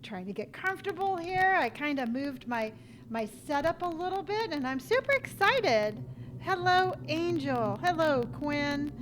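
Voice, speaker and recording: Upbeat high-voiced woman greeting stream viewers. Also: very animated, a little slow, slight background noise, low-quality recording. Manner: upbeat, playful, repeats greetings in a sing-song way. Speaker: livestream host. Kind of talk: casual live-stream chat with viewers. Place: home streaming setup.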